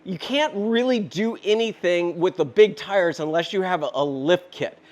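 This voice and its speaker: A fifty-year-old man rushing through a casual DIY vlog, a bit out of breath as he lifts the cart while he talks. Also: high voice, a little mellow. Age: 50s. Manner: rushed and chatty, talking while lifting and handling the cart. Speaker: DIY maker and channel host.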